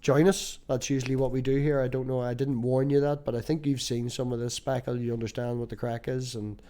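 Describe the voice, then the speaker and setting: A young man with an Irish accent hosts a loose podcast conversation. He tells rambling stories, swears casually and laughs often, in a mid-pitched voice. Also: flat delivery, fairly quick, warm tone. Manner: storytelling, swears freely, laughs easily. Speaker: podcast host. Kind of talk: casual chat.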